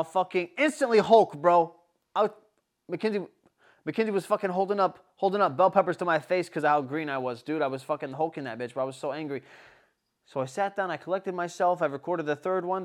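A young man telling a story in casual chat, animated and swearing a lot. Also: on the high side, fairly quick. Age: young adult.

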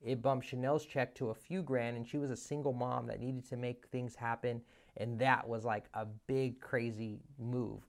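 Business coach in his thirties, chatty storyteller, animated delivery, mid-pitched voice. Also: moderate pace, gravelly. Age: 30s. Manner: animated, restarts often, acts out the dialogue. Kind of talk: casual storytelling monologue.

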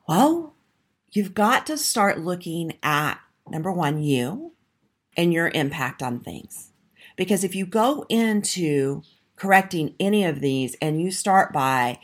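A woman's voice: sits low, animated, measured pace. A woman hosting her own marriage-coaching podcast, talking straight to listeners in an emphatic, direct way. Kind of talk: solo podcast talk with a sign-up pitch.

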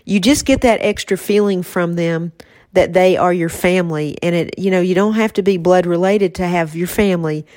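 Soft-spoken woman hosting a podcast. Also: on the low side, normal speed, no room sound, clean studio sound. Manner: soft-spoken, reflective, emotional at times. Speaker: podcast host. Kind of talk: casual faith-based podcast chat.

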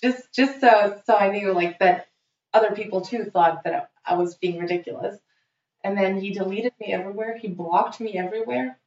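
A young woman tells a story in an easy, chatty way, animated and quick to swear as she plays out each quote. The recording is muffled and roomy. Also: mid-range voice. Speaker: guest telling a story. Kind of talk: casual storytelling.

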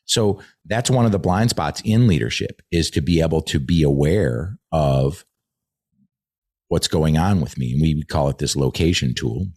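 A man's voice: extremely low pitch, expressive, normal speed, a little mellow, slightly rough, no echo, studio quality. A man who trains leaders, talking earnestly in a podcast conversation and swearing freely.

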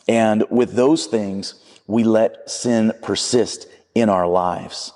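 A man's voice: fairly low pitch, slow, a little mellow, big-room sound. A man preaching a sermon in a conversational, storytelling way, acting out the quotes as he goes.

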